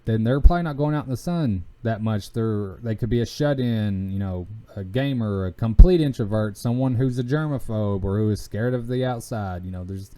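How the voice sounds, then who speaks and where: A man's voice: fairly low pitch, dark tone. A man with a Southern US country accent talking in a casual, rambling way, full of fillers and restarts. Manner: halting, many fillers and restarts. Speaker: podcast host.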